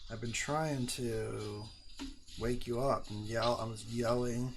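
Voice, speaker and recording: A man's voice: medium pitch, fairly even intonation, takes it slowly, over loud music. A man streaming live, chatting casually and rambling with many ums, swearing often.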